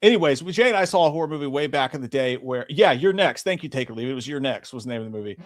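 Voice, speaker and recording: A man's voice: mid-range voice, very fast. A man co-hosting a live movie talk stream, swearing a lot and telling stories with energy. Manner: profane, animated storytelling. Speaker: podcast co-host. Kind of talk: casual live-stream chat.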